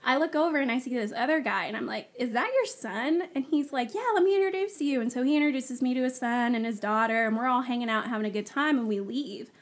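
A woman, a guest on the show, telling her personal story in a casual, animated way, acting out the dialogue she quotes. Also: a little high, quick pace, hardly any pauses. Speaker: guest sharing her testimony.

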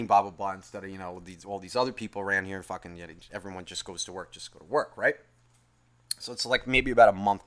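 A man's voice: fairly low pitch, a bit bright. A young man ranting in a profane, rambling, self-mocking monologue, tired after a long day. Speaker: podcast host.

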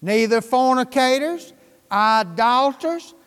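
A man's voice: extremely high pitch, animated, slow, a bit bright, smooth, long reverb tail. A man preaching a sermon, fervent and folksy, firing questions at his congregation.

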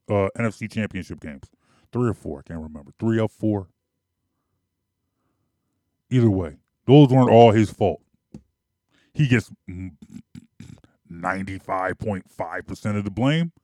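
A man's voice: fairly low pitch, a little slow, pauses often, warm tone, no echo, studio quality. Emphatic man ranting about sports. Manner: emphatic, repetitive, argumentative. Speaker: sports commentator. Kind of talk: opinionated sports monologue.

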